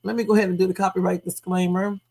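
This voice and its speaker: A woman's voice: fairly low pitch, little pitch movement, very fast, dark tone. A woman hosting a late-night livestream, talking casually and chatting straight to her viewers as "y'all". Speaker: livestream host. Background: faint music.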